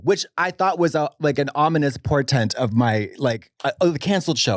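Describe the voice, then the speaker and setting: A man co-hosting a podcast in casual chat, animated and quick with asides and swearing. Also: medium pitch, dry recording, studio quality. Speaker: podcast co-host.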